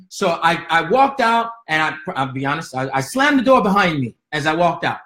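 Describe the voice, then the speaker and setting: A man's voice: a little high, very animated, fairly quick, few pauses, sharp tone. A man in his thirties co-hosting a relationship talk show, giving emphatic, sermon-like advice straight to his listeners and repeating his key points. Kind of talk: preaching-style relationship talk. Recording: echoey room.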